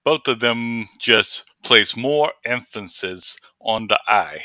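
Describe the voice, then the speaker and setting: A man voicing an excitable male Australian outdoors presenter who rambles through a pronunciation lesson. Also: lowish voice, slow pace, no echo, exaggerated voice. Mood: enthusiastic. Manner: excitable, rambling tutorial patter.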